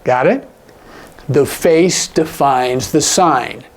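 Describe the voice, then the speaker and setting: A man teaching sign language in a casual, animated way, acting out example lines with big jumps in his voice. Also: a little high, very slow. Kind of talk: casual instructional talk.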